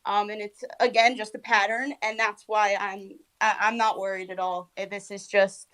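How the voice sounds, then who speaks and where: A woman's voice: medium pitch, little pitch movement, moderate pace, a bit bright, low-quality recording. A woman in casual chat, explaining things eagerly with lots of fillers.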